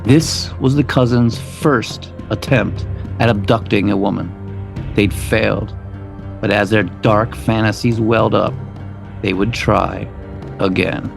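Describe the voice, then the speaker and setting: Gravelly man narrating true crime. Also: on the low side, steady tone, takes it slowly, music in the background. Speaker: podcast co-host.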